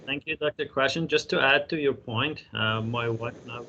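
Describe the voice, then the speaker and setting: Bright-voiced man moderating an online Q&A. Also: medium pitch, moderate pace, lo-fi sound, a little hiss or hum. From Iran. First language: Kurdish and Farsi.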